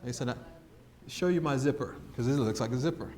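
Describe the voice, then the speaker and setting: A man serving as guest speaker tells his testimony in a lively, story-driven way, voicing the characters himself and frequently breaking into laughter. He speaks at a medium pitch and a fairly quick pace.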